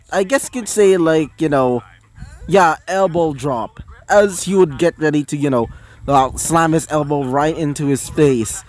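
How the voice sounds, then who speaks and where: A man casually narrating a fan crossover story off the cuff, rambling with many fillers and restarts. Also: on the high side.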